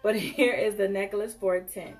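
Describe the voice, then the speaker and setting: A woman hosting a live jewelry sale, chatting casually and warmly addressing viewers as y'all and honey. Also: medium pitch, fairly even intonation, moderate pace, distant mic.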